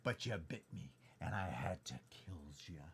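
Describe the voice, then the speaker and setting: A dad doing a soft-spoken young sword hero with a British lilt. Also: male voice, low-pitched, lively intonation, moderate pace, breathy edge, voice pushed down, exaggerated voice. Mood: apologetic. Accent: British (put on).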